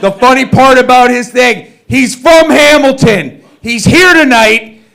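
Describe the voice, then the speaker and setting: A man's voice: extremely high pitch, animated, unhurried, creaky, a bit bright. A man hosting an open mic, introducing the next comic in an upbeat way and calling out to the crowd. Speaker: host. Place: comedy club stage.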